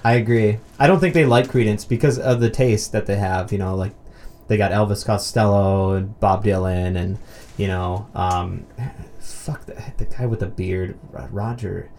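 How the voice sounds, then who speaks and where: A man casually talking through a film, swearing freely and jumping into loud, excited mock outbursts. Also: on the low side, moderate pace, a little hiss or hum. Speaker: movie commentary co-host. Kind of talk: casual film commentary chat.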